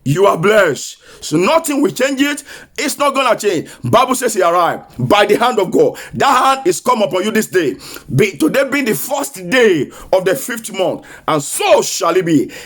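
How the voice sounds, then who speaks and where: A man's voice: sits high, big pitch swings, moderate pace, a bit bright. A male pastor preaching a sermon, chanting repeated prophetic declarations and leading prayer.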